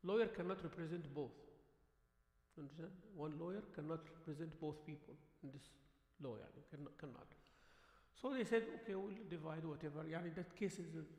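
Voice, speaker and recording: A high-pitched man preaches in a mosque hall, his voice ringing with long reverb. He talks in a loose, conversational way, acting out the voices of the people he talks about and slipping in Arabic words. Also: brisk. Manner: animated, acts out quoted voices, sprinkles Arabic words. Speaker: imam. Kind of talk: conversational sermon. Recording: echoey hall livestream.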